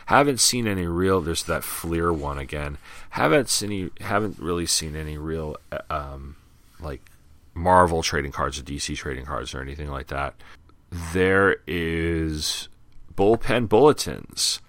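A man's voice: extremely low pitch, a little slow, a bit bright, dry recording. A man hosting a podcast, talking casually and rambling with frequent fillers as he flips through old pages. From Long Island, New York. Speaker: podcast host. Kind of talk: casual solo podcast commentary.

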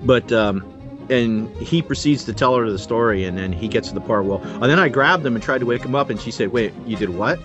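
Podcast co-host, male, chatty storyteller who does the voices; medium pitch. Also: fairly quick, lo-fi sound. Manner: animated anecdote teller acting out the voices in his story. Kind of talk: casual chat, storytelling. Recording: music bed underneath.

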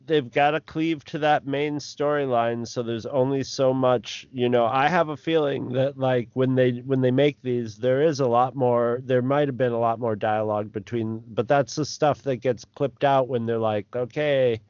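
A man's voice: medium pitch, steady tone, normal speed, hardly any pauses, a little mellow, clean tone, no room sound. A man co-hosting a podcast in laid-back, rambling casual chat. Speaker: podcast co-host. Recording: dry, dull podcast audio.

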